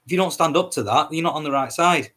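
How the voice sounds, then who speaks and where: A man's voice: a little high, fast, bright, forceful tone, breathy edge. A man hosting a solo podcast, ranting in a heated, repetitive way, swearing often and stumbling over his words. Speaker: podcast host.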